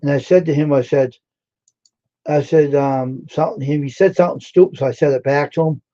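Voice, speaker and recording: A man's voice: a little high, steady tone, brisk, dark tone, lo-fi sound. A man chatting casually on a live stream, retelling a story with lots of repetition. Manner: repetitive, plain-spoken storyteller.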